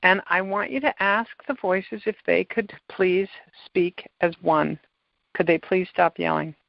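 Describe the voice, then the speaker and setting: A woman hosting a podcast, calmly guiding a client through a tapping session step by step. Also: on the low side, a little slow, gravelly, dry recording. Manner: calm, coaching, gives step-by-step prompts. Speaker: tapping practitioner and podcast host. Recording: dull, lo-fi sound.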